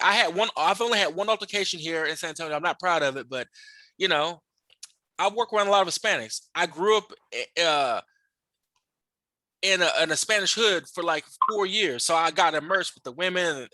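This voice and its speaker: Male podcast host, high bright voice, dry close sound, profane rambling storyteller. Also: a little fast, dry recording. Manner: profane, rambling, with frequent restarts and fillers. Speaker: podcast host interviewing a guest.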